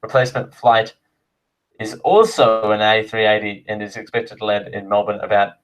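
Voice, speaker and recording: A man's voice: fairly low pitch, fairly even intonation, normal speed, low-quality recording. A man hosting a live show, reading items out and drifting into chatty, rambling asides. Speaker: host. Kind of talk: live show casual chat.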